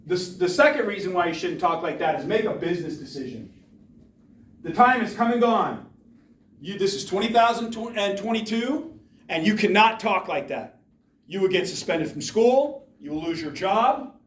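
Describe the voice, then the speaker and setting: A man's voice: high-pitched, slight background noise. A man giving an emphatic motivational talk to students in a school hall, firing rhetorical questions at the audience. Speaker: speaker addressing students. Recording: echoey room from far off.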